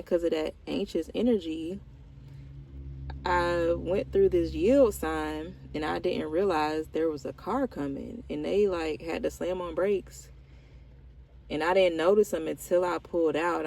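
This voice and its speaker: A woman vlogger talks candidly about her life, rambling and heartfelt, with lots of "like" fillers. Her voice is on the low side, gravelly and mellow, and the recording is rough.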